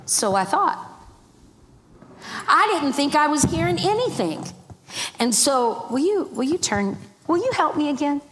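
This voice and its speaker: Woman minister telling stories from the pulpit, fairly high voice, lots of voice impressions, long church echo, bit of hiss. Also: measured pace, pauses often. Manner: animated, mimics voices, laughs often. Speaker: guest minister. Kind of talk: storytelling sermon. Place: church sanctuary. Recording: reverberant church hall, faint background noise.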